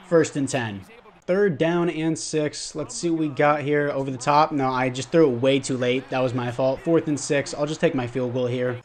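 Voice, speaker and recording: A young man giving casual commentary over his football video game, narrating the plays and blaming himself for his mistakes. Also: medium pitch. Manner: frustrated outbursts at mistakes, self-blaming. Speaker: gaming YouTuber.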